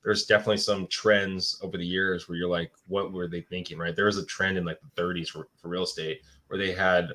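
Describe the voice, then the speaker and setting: Co-host guy, lowish voice but bright and forceful, rambles and restarts. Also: flat delivery. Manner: rambling, halting. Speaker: podcast co-host, realtor. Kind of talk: casual chat.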